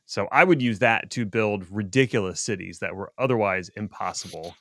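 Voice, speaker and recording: A man's voice: fairly low pitch, normal speed, a bit bright, no echo, clean studio sound. Joking, digressive middle-aged man. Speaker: podcast co-host. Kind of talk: casual tech chat.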